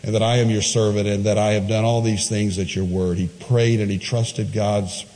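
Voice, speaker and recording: Animated preacher man in a reverberant hall. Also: normal speed. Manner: animated preaching, jumps high for quoted voices. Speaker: pastor. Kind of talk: sermon.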